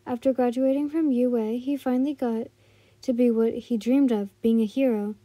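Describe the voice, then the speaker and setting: A woman's voice: a little high, steady tone, normal speed, mellow, dry recording. A woman narrating a fan story in a casual read, with frequent slips and restarts. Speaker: fanfiction reader.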